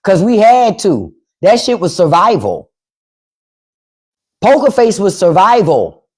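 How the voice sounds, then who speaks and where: A woman's voice: medium pitch, sing-song, takes it slowly, a little mellow, husky. A woman in her fifties hosting a casual livestream, blunt and profane, laughing as she quotes her elders. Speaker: podcast host on a livestream. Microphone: phone or webcam livestream mic.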